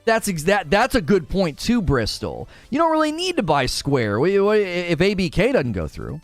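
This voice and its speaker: Male gaming livestream host, animated and chatty, dry close sound with faint music underneath. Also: high-pitched, moderate pace, dry recording. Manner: animated, argues both sides, reads chat aloud. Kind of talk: casual live stream commentary.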